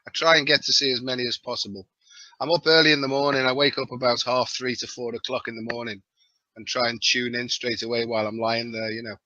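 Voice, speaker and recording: A man's voice: medium pitch, level tone, fast talker, bright, forceful tone, dry recording, lo-fi sound. A man from the Wirral with a Liverpool-area accent, chatting as a guest on a live show, jokey and self-mocking, with lots of "you know". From the Wirral, England. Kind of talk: casual live-stream chat.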